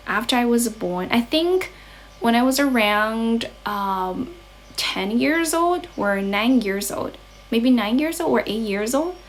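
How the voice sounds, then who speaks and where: Chinese-accented young woman livestreaming on her phone, chatty, mixes english and chinese, bit of noise behind her. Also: a little high. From China. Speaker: livestream host and English teacher. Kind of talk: casual bilingual livestream chat. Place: grandmother's home, indoors.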